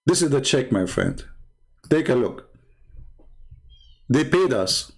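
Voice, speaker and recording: A man's voice: medium pitch, big pitch swings, slow pace, creaky, husky. A man with a mid-range voice talks through world politics in a loose, unscripted way. He is sarcastic and mocking, and he often laughs at his own points. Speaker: channel host. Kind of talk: casual political commentary.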